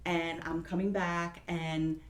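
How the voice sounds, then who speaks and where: A woman's voice: on the low side, flat delivery, slow pace. Chatty middle-aged woman in an echoey room. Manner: chatty, quotes people in her stories. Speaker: political round table panelist. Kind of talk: casual storytelling chat.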